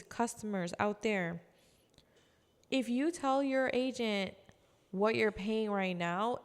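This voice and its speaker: A woman giving casual sales training, chatty, acting out customer calls in quick voices. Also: mid-range voice, clean tone, big-room sound. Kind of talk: casual instructional talk.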